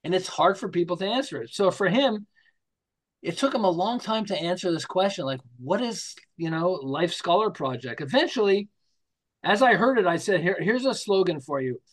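Older male guest, high-ish voice, animated storyteller who acts out quotes. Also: normal speed. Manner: animated, acts out quotes, keeps checking in with "okay?". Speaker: marketing guest. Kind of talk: storytelling interview talk.

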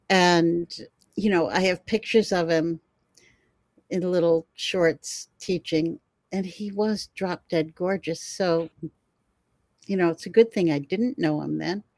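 An older woman telling her stories with animated, expressive energy, often breaking into laughter. Her voice sits on the lower side and sounds dry and close to the mic, with hardly any room sound. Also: slow, no echo. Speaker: herbalist guest. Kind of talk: storytelling in a conversation.

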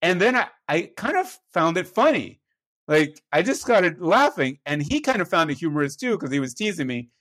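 A man's voice: a little high, sing-song, moderate pace, a bit bright. A man, a pastor, telling a personal story in a conversational, self-deprecating way, often checking in with his listener.

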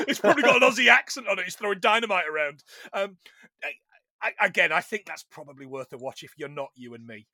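A man's voice: sits high, lively intonation, fairly quick, pushed and bright, no echo, studio quality. A man, co-hosting a casual film podcast, swearing and laughing often. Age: 40s. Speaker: podcast co-host.

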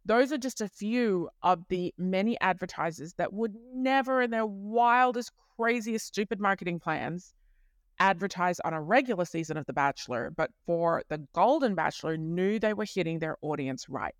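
A woman hosting a podcast in a chatty, animated monologue, often correcting herself mid-sentence. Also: fairly low pitch, moderate pace, dry recording, studio quality. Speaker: podcast host.

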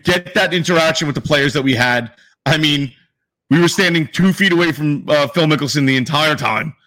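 A man's voice: fairly high pitch, a little fast, pushed and bright. A man co-hosting a sports podcast, talking casually and animatedly, swearing freely. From New York area. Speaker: podcast co-host.

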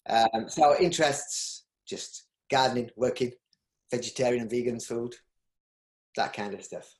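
A man's voice: medium pitch, unhurried. A middle-aged man with a Yorkshire accent, talking as an interview guest in a loose, rambling way, often restarting his sentences. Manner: rambling, with frequent restarts and ums. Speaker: interview guest, business owner. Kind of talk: casual interview. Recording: roomy echo.

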